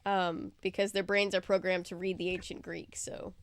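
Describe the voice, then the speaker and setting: Woman host reading a novel aloud, chatty asides, smooth clear voice, close dry mic. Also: on the low side, moderate pace, dry recording. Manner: animated, chatty asides, stumbles while reading. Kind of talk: casual read-aloud with chat.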